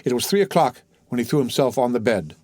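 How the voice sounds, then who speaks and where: Dry, measured male audiobook narrator. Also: mid-range voice, lively intonation, darkish tone, dry recording. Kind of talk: scripted narration of a classic novel.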